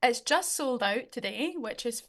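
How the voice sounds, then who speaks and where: A woman's voice: fairly high pitch, measured pace. A young woman with a Scottish accent, a singer chatting casually as an interview guest. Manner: relaxed, chatty, uses fillers like "um" and "like".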